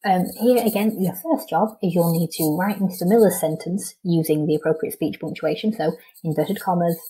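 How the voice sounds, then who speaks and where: Welsh teacher lady going through a lesson slowly, lots of ums, warm dark voice. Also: on the low side, breathy edge, low-quality recording. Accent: Welsh English. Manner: patient, explains step by step with many ums. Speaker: primary school teacher. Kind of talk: recorded online lesson.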